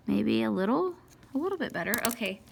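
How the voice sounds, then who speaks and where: A woman's voice: a little high, very animated, a little slow, vocal fry, husky. A woman teaching a math lesson step by step, who scolds herself over mistakes, talks to the equations, and sighs and whispers when frustrated. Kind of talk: recorded math lesson walkthrough.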